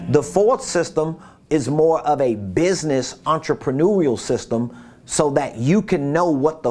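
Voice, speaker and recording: A man's voice: mid-range voice, darkish tone. Emphatic man coaching on business. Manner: emphatic, repeats key points; acts out quotes with voices. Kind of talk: coaching talk.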